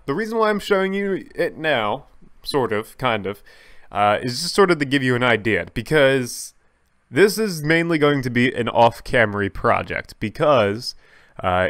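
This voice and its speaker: Here the gaming YouTuber's voice is medium in pitch and fairly bright, captured in studio quality without echo. Playful and chatty, he narrates his own play straight to viewers, stopping now and then to correct himself.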